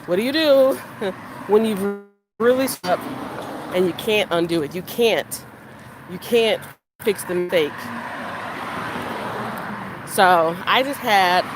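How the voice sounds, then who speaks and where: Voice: mid-range voice, a little slow, pauses often. A frustrated, upset vlogger venting while walking beside a road, rambling and restarting sentences, with faint traffic behind. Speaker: vlogger and business interviewer. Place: outdoors beside a busy main road. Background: faint street traffic.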